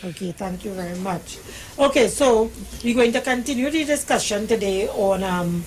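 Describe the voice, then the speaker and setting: A woman's voice: mid-range voice, expressive, normal speed, slight background noise. A woman hosting a radio talk show from the studio, chatty and folksy, sometimes slipping into heartfelt prayer. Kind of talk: casual radio chat.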